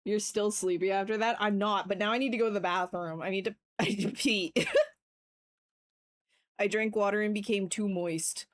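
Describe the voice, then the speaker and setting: A woman chatting casually on a live stream, excitable and swearing freely, bursting into yells and then apologizing. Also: mid-range voice, moderate pace. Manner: swears freely, playful trash talk. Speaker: livestreamer sculpting on stream.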